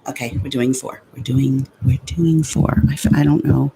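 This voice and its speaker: A woman's voice: extremely low pitch, fairly even intonation, moderate pace, creaky, mellow, slight background noise. A woman vlogging casually at home, chatty and sarcastic, swearing when something frustrates her. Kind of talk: casual vlog chat. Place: home room with a fan.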